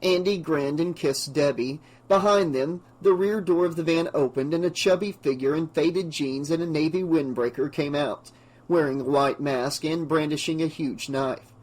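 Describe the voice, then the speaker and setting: A man narrating an audiobook with a steady, measured reading. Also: a little high. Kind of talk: scripted narration.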